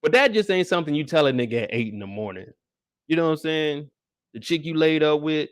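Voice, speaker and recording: A young man giving a casual live recap of a TV episode, talking in animated, slangy, profane banter. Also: a little high, fast talker, clean tone, no room sound, clean studio sound. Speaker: show recap host.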